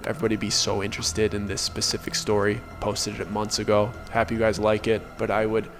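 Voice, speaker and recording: A man's voice: on the low side, monotone, quick pace, noisy background. A young man telling a personal story to his channel in an earnest, conversational way, with frequent filler "like". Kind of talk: casual first-person storytelling.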